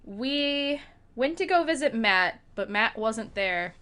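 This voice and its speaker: A woman's voice: fairly high pitch, lively intonation, takes it slowly, sharp tone, clean tone. Sleepy, chatty young woman streamer. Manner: playful, laughs often, chatty with viewers. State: sleepy, yawning. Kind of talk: casual game stream chat. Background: game music.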